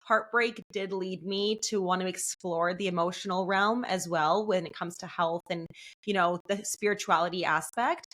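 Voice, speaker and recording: A woman's voice: lowish voice, moderate pace, a bit bright. A woman hosting an interview podcast, responding to her guest with encouraging, affirming remarks. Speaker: host. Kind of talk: interview conversation.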